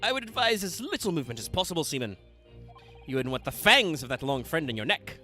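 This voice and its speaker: A theatrical, grandiose gentleman detective with a put-on British accent, voiced by a man and read from a game. Every phrase is declaimed, bright and ringing, with a pitch that rises and falls widely. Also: sing-song, fast talker, soft background music. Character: pompous male Victorian detective, theatrical, grandiose. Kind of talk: reading game dialogue aloud.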